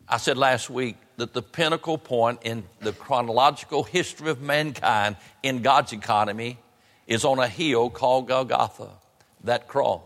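A man preaching a sermon in a church, in an emphatic, rising cadence with drawn-out phrases. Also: medium pitch, fairly bright tone. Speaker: pastor. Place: church sanctuary. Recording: church hall reverb.

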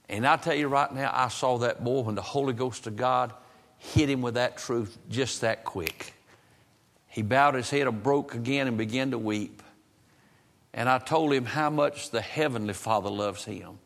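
A man's voice: mid-range voice, moderate pace, a bit bright. A man preaching, telling a folksy story that rises into impassioned pleading. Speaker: pastor. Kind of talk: sermon storytelling. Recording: long reverb of a church hall.

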